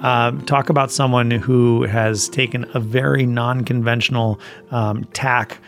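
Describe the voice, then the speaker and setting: Gravelly-voiced man co-hosting a podcast. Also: mid-range voice, flat delivery, unhurried, fairly bright tone, faint music behind. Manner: hesitant, many fillers, enthusiastic. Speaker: podcast co-host. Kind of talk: casual podcast chat.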